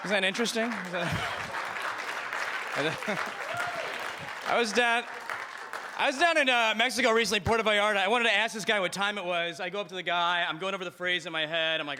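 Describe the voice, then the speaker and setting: A man from Missouri works through a stand-up set with dry, deadpan timing. His voice is fairly high and very bright, with a crowd audible in the room. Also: fairly quick, slight background noise. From Missouri, USA. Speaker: stand-up comedian.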